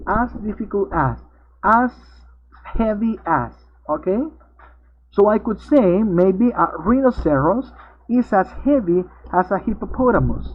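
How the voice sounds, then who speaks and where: A man's voice: high-pitched, slight background noise. A male English teacher, patiently explaining grammar step by step in an online class. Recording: tinny narrowband video-call audio.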